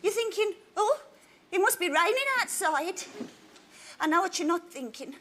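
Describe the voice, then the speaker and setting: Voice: very high voice, lively intonation, normal speed, bright, forceful tone, heavily acted. A comedian playing a chatty, nagging housewife speaking to a live audience. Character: gossipy housewife Florence. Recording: live studio with audience noise.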